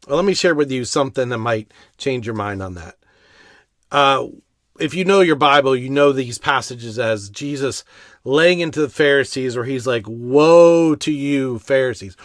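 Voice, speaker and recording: A man's voice: mid-range voice, a bit bright, dry recording, clean studio sound. A male pastor giving a sermon in an earnest, conversational way that builds to strong emphasis. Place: church sanctuary.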